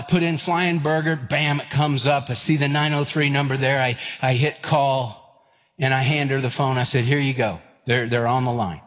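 A man, preaching a sermon and telling stories with lively acted-out voices. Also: mid-range voice. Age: 50s. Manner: animated, acts out quoted voices and escalating lines. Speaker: pastor. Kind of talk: sermon with storytelling. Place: church sanctuary. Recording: long hall reverb.

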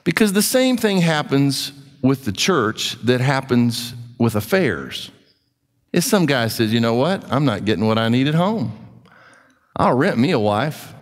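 A man preaching a sermon as a pastor, in an animated, conversational way with joking asides. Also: mid-range voice, unhurried. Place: church hall. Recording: hall reverb.

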